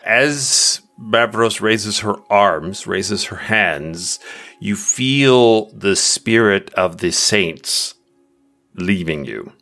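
A man's voice: on the low side, animated, very slow, sharp tone. A man narrating a tabletop game as game master, describing scenes with frequent restarts.

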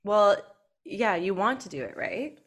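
A woman's voice: medium pitch, expressive, measured pace. A young woman co-hosting a podcast, chatting casually in an affectionate, emotional way and saying "like" often. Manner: warm, affectionate, emotional, peppered with "like". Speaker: podcast co-host.

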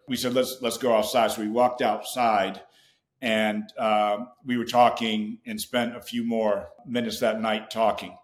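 A man, a podcast guest, telling a personal story in an animated way and acting out his own past dialogue. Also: medium pitch, roomy sound.

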